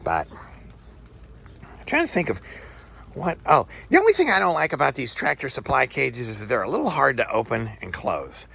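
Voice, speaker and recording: A man's voice: mid-range voice, huge pitch swings, normal speed, gravelly, long pauses, bright, forceful tone, slightly rough. A man giving a rambling, folksy walk-through of his backyard rabbit cages, thinking aloud as he goes. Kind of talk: casual walk-through vlog. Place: outdoor tent beside rabbit cages.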